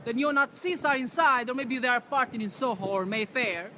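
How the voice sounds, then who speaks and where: A man livestreaming to his camera on a city street, ranting loudly and accusingly in non-native English phrasing. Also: very high voice, fairly quick, slight background noise. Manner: loud, accusatory, repetitive ranting. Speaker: activist street vlogger confronting staff. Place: outdoors on a city street by a building entrance. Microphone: handheld camera or phone he speaks into.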